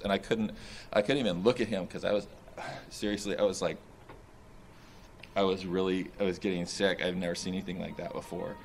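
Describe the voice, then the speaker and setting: A young man, a soldier in therapy, recounting combat in a halting, distressed way with many restarts and fillers; he sounds shaken and nauseous. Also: low voice, level tone, slight background noise.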